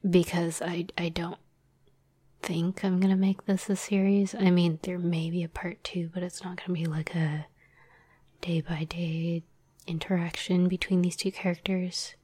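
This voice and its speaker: Lady whispering slow and breathy, lots of ums, kinda low voice, dead dry close sound. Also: level tone, warm tone, no room sound. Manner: hesitant, many ums, self-deprecating. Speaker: podcast host and script writer. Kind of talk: whispered chat.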